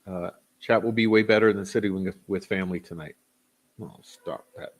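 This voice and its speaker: A man's voice: low-pitched, steady tone, normal speed. A man hosting a casual livestream, greeting viewers by name and rambling loosely with chuckles and fillers. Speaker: livestream host. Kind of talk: casual livestream chat, reading chat names.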